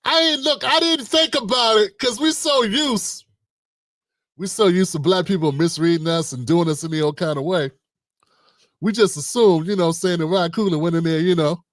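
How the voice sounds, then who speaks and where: A man's voice: sits high, moderate pace, a bit bright, no room sound, studio quality. A middle-aged man hosting a livestream, slangy and joking, talking animatedly to his viewers. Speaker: host. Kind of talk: livestream commentary.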